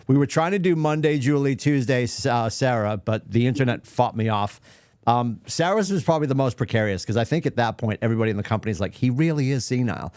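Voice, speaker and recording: A man hosting a morning office livestream, joking and self-deprecating with quick asides. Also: medium pitch, a little mellow, no echo, clean studio sound. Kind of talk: casual chat.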